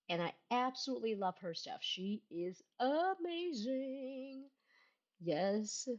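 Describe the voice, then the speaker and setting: A woman streamer chatting casually to her viewers, excitable, often gasping and squealing. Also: mid-range voice. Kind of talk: casual live-stream chat. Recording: dull lo-fi stream mic.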